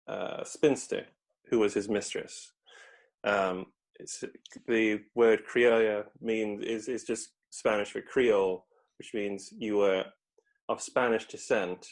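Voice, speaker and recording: A man guesting on a history podcast, telling a story in a loose, rambling way, with lots of hesitations and restarts. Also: mid-range voice. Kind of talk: casual conversational history chat.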